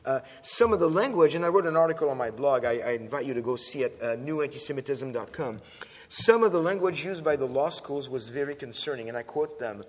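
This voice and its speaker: A man's voice: medium pitch, quick pace. A man giving a conversational sermon-style talk to an audience, often restarting and correcting himself. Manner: conversational, self-correcting, animated retelling. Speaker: speaker at a church teaching. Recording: dull lo-fi recording in a reverberant hall.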